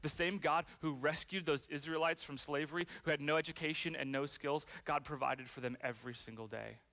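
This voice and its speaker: A man's voice: on the high side, steady tone, brisk, bright, forceful tone. A man preaching a sermon as pastor, conversational and self-deprecating, with playful asides.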